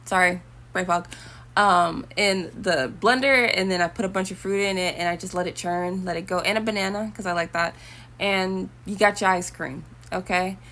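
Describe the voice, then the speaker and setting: A woman's voice: lowish voice, steady tone, normal speed, fairly bright tone. A young woman talking casually to her viewers, rambling and chatty with preachy asides. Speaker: vlogger. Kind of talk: casual talk to camera.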